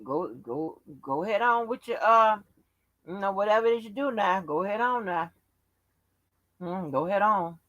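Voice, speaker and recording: A woman's voice: mid-range voice, lively intonation, moderate pace, a bit bright, no echo, muffled recording. Brash, profane woman streamer. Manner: brash, profane, teasing chat commenters. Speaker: livestream host. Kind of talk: casual live-stream chat.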